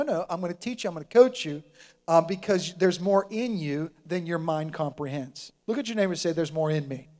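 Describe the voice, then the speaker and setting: Male pastor, high voice, animated sermon storyteller. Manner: energetic storytelling preacher, acting out quotes.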